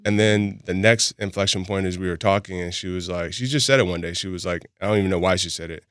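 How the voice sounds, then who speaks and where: Fast-talking deep-voiced man. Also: steady tone, fairly bright tone, smooth, no echo, studio quality. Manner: candid, laughs often while telling stories. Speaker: podcast guest, boxing gym founder. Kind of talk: casual storytelling chat.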